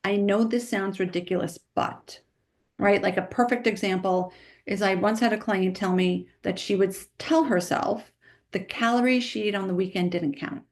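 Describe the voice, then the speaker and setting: A woman nutritionist being interviewed, speaking emphatically and quickly, often tagging her points with "right?". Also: mid-range voice. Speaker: nutritionist guest. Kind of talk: conversational podcast interview.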